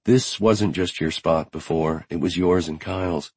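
Guy reading as a worn-out widow who talks straight, deep husky voice, dry close sound. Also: steady tone, unhurried, darkish tone, no room sound. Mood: wistful. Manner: blunt, earnest. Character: grieving widowed woman, tired but strong. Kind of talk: audiobook character reading.

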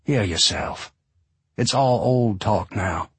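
A man with a husky voice playing a smooth, calm real estate man who gently chides his friend. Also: lowish voice, slow, dry recording, heavily acted. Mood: chiding. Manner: soothing, chiding.

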